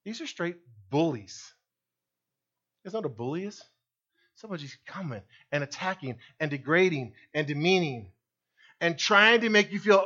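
High-voiced preaching man, lo-fi recording. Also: lively intonation, moderate pace, pauses often. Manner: dynamic preaching, swinging from loud emphasis to hushed low lines. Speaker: pastor. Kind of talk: sermon.

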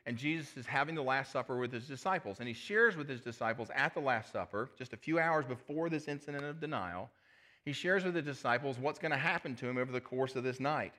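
Animated male pastor telling scripture stories. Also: mid-range voice, fast. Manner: animated storytelling, dramatizing scripture. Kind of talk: sermon.

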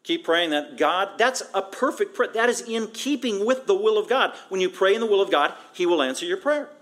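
A man's voice: sits high, expressive, a little fast, fairly bright tone. A middle-aged man preaching a sermon as a pastor, emphatic and conversational, piling up repeated phrases for stress. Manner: conversational, breaks into acted quotes.

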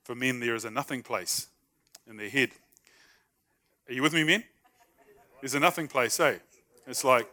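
A man's voice: mid-range voice, normal speed, sharp tone. A man preaching a sermon in a conversational, humorous way, acting out short everyday dialogues. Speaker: pastor.

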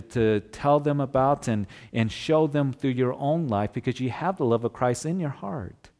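A man's voice: medium pitch, darkish tone. A male pastor preaching a sermon in a conversational way, asking his listeners rhetorical questions.

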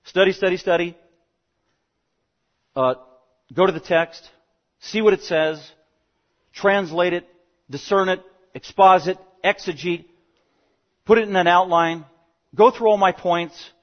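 A man preaching a verse-by-verse sermon in a quick, animated delivery. His voice sits a little high for a man, and he swings from loud, punchy emphasis down to quiet asides. The recording is dull and lo-fi. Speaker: pastor. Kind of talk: expository sermon. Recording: dull lo-fi sound.

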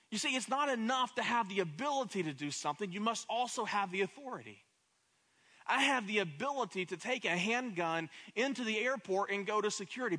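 A man's voice: very high voice, pushed and bright. A man preaching a sermon as pastor, impassioned, often repeating words as he builds up.

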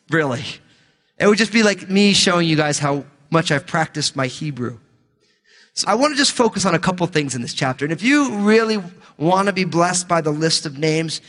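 A male pastor teaching the Bible in a relaxed, conversational way, with jokey asides between scripture readings. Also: fairly high pitch, big-room sound.

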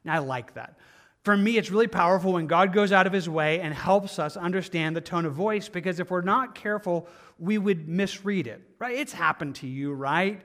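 A man with a high voice delivering a sermon as a pastor. He talks earnestly and conversationally, repeating himself for emphasis and slipping in casual asides. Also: normal speed, fairly bright tone.

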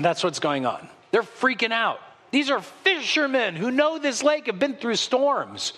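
Male pastor, high and bright, animated sermon storytelling, reverberant church hall. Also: unhurried. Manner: animated storytelling, acts out voices. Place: church sanctuary.

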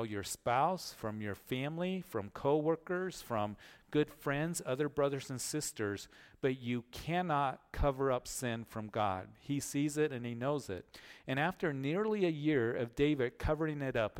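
A male pastor teaches through the Bible verse by verse, earnest in tone. His medium-pitched voice is smooth, and he often repeats words and pauses on fillers while explaining.

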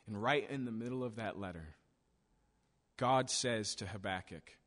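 A man's voice: fairly low pitch, a little slow, pauses often, fairly bright tone. A man preaching a sermon in storytelling fashion, acting out quoted voices as he builds intensity. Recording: long hall reverb.

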